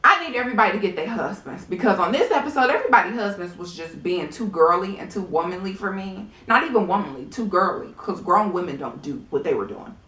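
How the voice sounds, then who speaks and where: Sassy, animated woman in an echoey room. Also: medium pitch, fast talker, few pauses. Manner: sassy, blunt, animated, laughs often. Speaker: reality TV recap vlogger. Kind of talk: casual sassy episode review.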